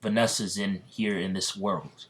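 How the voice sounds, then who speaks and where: A man voicing a hot-headed young male knight who talks in a halting, stumbling way. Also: sits low, steady tone. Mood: determined.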